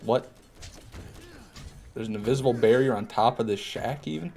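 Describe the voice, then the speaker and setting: A man's voice: mid-range voice, moderate pace, vocal fry, mellow. A man streaming a video game live, chatting casually, joking and answering his chat as he plays. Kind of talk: live gameplay commentary.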